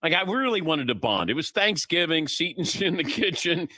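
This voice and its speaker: Lively, bright-voiced talk show host. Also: male voice, on the high side, normal speed, no room sound. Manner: animated, acts out quoted voices while telling anecdotes. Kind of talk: casual on-air chat and storytelling.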